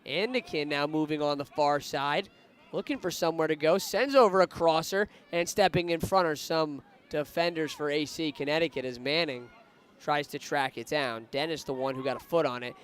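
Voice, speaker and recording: A man's voice: a little high, moderate pace, clear, resonant tone. A man giving live play-by-play commentary on a women's soccer match, lifting his voice when attacks build. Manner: rising excitement on attacking plays.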